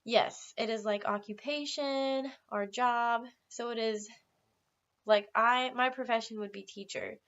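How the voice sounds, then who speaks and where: A woman teaching an English class, slowly modeling phrases for her students to repeat. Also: steady tone, fairly bright tone, smooth. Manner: slow, careful modeling of phrases for repetition. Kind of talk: classroom language lesson. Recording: slightly muffled low-fidelity recording.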